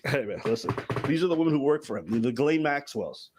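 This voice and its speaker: A man's voice: medium pitch, expressive, fast talker, background noise. Man, mid voice, explanatory talker, reads quotes out, casual chat. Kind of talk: casual chat, reading out messages.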